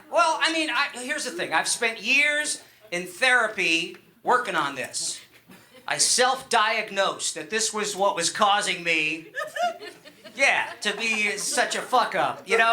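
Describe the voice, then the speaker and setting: A man's voice: sits high, lively intonation, measured pace, sharp tone. A middle-aged man from Long Island performing a stand-up comedy set on a club stage, rambling loosely with fillers and restarts. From Long Island, New York.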